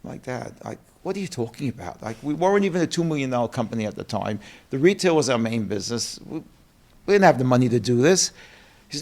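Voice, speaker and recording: This middle-aged New Yorker, co-president of a company, talks fast at a medium pitch during an interview. He tells animated stories and acts out the quotes as he goes.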